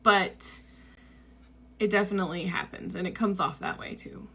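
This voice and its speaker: A woman's voice: medium pitch, moderate pace, creaky, fairly bright tone, slightly rough. A young woman hosting a book club show, casually telling a personal story with lots of likes and ums. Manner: chatty, full of likes and ums, acts out quoted lines.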